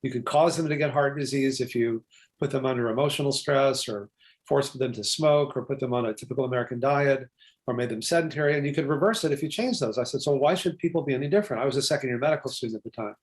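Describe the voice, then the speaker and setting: An older man from Texas, a physician guest telling stories in an interview, talking quickly with asides and quoted dialogue. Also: medium pitch. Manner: fast, chatty, with asides and acted-out quotes. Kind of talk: animated storytelling interview.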